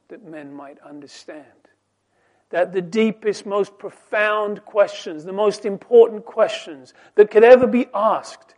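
High-voiced guy preaching slow, goes quiet then loud and punchy, reads verses real deliberate. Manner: swings from soft murmurs to loud emphatic rising lines; slow, deliberate delivery with scripture quotes. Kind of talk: sermon.

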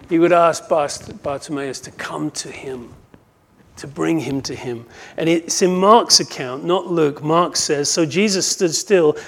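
A man preaching a sermon, who acts out the quoted cries and moves from hushed asides to loud, impassioned calls. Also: fairly high pitch, vocal fry. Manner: swings from hushed to shouting when quoting cries; dramatizes quoted voices.

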